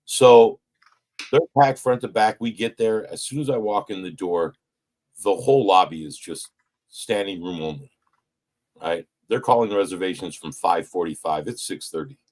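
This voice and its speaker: A man's voice: sits low, normal speed. A man telling a personal story in casual, profane speech, acting out what people said to him. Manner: profane, animated, retells with quoted voices. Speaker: person sharing at a recovery meeting.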